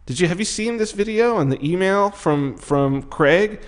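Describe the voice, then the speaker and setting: A man co-hosting a podcast in casual chat, talking excitably with swearing and many restarts. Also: sits high, moderate pace. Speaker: podcast co-host.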